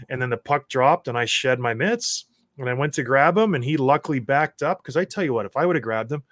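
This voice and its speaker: A man, a former hockey enforcer, telling stories as a guest in a casual chat and getting loud as he acts out his own rants. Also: mid-range voice, lively intonation, fast, no echo, clean studio sound. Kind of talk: casual storytelling.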